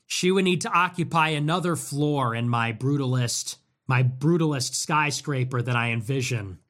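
A man's voice: mid-range voice, moderate pace, a bit bright. A young man hosting a podcast, talking in a casual, profane and ironic ramble about his life. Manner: profane, ironic and rambling, with mock voices for quoted people. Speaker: podcast host.

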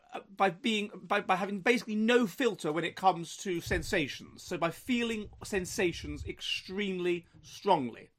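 A man's voice: sits high, fairly bright tone. A man hosting his own commentary vlog, lecturing emphatically with frequent restarts. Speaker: host.

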